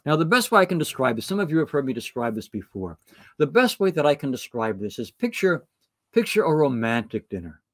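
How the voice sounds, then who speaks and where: A male retreat speaker from the United States with a slightly high voice. He tells stories and acts out short bits of dialogue. The sound is close and dry, with no room echo. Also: big pitch swings, fairly quick. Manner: storytelling, acts out dialogue and reads scripture. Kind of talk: retreat talk.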